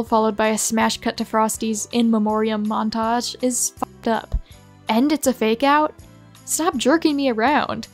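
A woman narrating comic readings of reviews in a deadpan, sardonic manner. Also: a little high.

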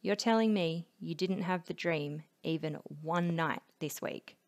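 A woman voicing a calm male psychiatrist who questions in a measured, coaxing way, in a storybook reading. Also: on the high side. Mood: probing.

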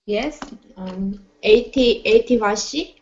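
A woman's voice: medium pitch, takes it slowly, background noise. A woman student giving short, hesitant answers in simple learner English over a video call. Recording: muffled video call audio.

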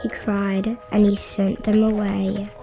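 A woman reading a rhyming children's picture book aloud in a slow, expressive storytelling manner. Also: medium pitch, vocal fry, soft background music. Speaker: storybook reader. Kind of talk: children's read-aloud narration.

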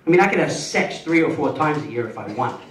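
Older man, stand-up comedian, lively high voice, roomy club sound from afar, loud laughing crowd. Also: far from the mic. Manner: animated storytelling, shifts to slow savoring tone. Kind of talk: stand-up routine. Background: audience laughter.

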